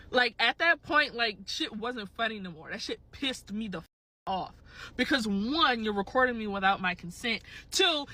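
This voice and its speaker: A young woman telling an angry story in casual chat, emphatic and swearing, acting out the people in it. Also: a little high. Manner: animated, emphatic, swears, mimics others. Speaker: storyteller in a clip.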